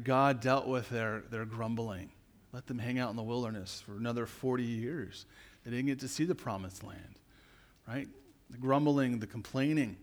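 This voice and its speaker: Pastor guy preaching, kinda higher voice, keeps saying right?, gets loud then drops quiet. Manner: conversational preaching with frequent "right?" tag questions; swings between loud emphatic stretches and quiet low asides. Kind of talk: sermon.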